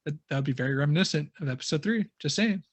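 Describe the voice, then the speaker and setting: A man's voice: on the high side, expressive, very fast. A man co-hosting a book podcast, speaking casually and hesitantly, often restarting and trailing off. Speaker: podcast co-host.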